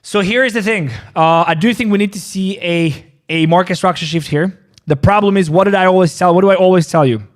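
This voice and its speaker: A man's voice: high voice, a little fast. A man hosting a casual trading livestream, joking, laughing, and often repeating his phrases while he talks through market analysis. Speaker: crypto trading stream host.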